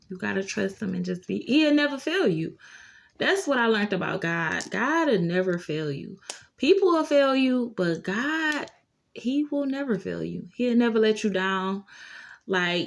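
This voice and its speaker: An earnest young woman nurse shares a casual storytime with her viewers. She talks in an encouraging, faith-filled way and fills her sentences with "like" and "you know." Her pitch sits at a middle level for a woman. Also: vocal fry. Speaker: nurse and vlogger.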